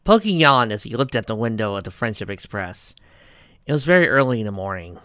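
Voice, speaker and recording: A man narrating a fan fiction chapter aloud in a plain, even storytelling read. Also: lowish voice, brisk, smooth, dry recording, studio quality.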